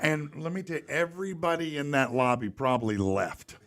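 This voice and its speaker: A man hosting a podcast, telling a story in a casual, animated way and reading ads for sponsors. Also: a little high, brisk. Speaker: podcast host. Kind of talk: casual storytelling and live ad read.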